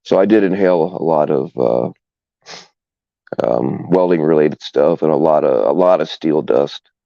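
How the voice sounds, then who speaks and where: Deep gravelly guy rambling on his stream, lots of ums, dark dry lo-fi sound. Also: unhurried, dry recording. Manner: rambling, hesitant, full of fillers. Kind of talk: casual live stream chat. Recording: dull, lo-fi stream audio.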